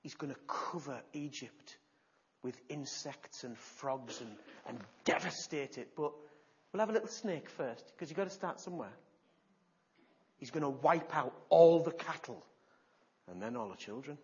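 A preacher delivering an animated sermon, retelling stories with gasps and shifts in loudness. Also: male voice, on the high side, normal speed, dull audio.

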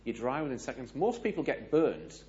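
British male speaker, lively anecdotal sermon delivery, medium pitch, slightly muffled live capture. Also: moderate pace, a little hiss or hum. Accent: British English. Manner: animated, asks audience questions, acts out dialogue. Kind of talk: storytelling sermon.

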